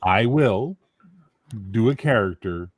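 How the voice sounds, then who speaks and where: A man's voice: fairly low pitch, animated, slow pace, no room sound. A man joking and teasing in a casual group chat on a stream.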